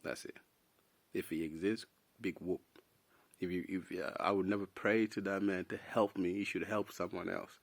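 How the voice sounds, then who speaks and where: A man's voice: sits low, fairly even intonation, normal speed, gravelly. A young man from South Sudan talking casually and at length to camera, rambling and calling listeners "bro". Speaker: vlogger. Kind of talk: unscripted opinion monologue.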